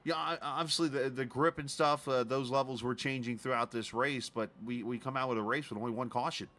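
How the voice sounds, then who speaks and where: A man hosting a sim racing broadcast, interviewing the winner in a chatty, halting way with easy jokes. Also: mid-range voice, fairly even intonation, pushed and bright. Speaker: broadcast host.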